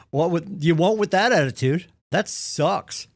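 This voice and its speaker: A man's voice: a little high, expressive, takes it slowly, dry recording. A man leading a real estate team's morning meeting, giving an earnest, punchy motivational talk and acting out the excuses people make. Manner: earnest, punchy, acts out quoted voices. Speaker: real estate team leader.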